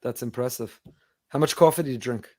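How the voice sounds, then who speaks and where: A male podcast host speaks fast, stacking compliments and questions. His voice sits mid-range and sounds dry and close, with no room around it. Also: mid-range voice, darkish tone, dry recording. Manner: brisk, effusive praise for the guest. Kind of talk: interviewing.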